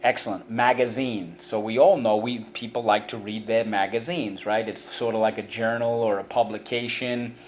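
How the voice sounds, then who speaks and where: A man's voice: fairly low pitch, fairly even intonation, normal speed, hardly any pauses, a little hiss or hum. Patient man teaching a vocabulary lesson. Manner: patient, explains words with many examples and restarts.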